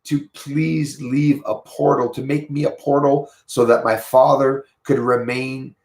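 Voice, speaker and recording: Brief: gravelly-voiced Quebec man, chatty livestream host. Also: medium pitch, fairly even intonation, measured pace, a little mellow, reverberant. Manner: rambling, chatty, greets viewers by name. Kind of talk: casual livestream chat, reading viewer comments.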